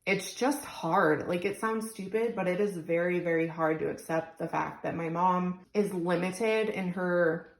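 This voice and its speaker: A woman's voice: on the low side, measured pace, hardly any pauses, reverberant, low-quality recording. A young woman venting tearfully and rambling about her frustrations into her phone, close to crying. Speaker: single mom vlogger. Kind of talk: emotional venting vlog.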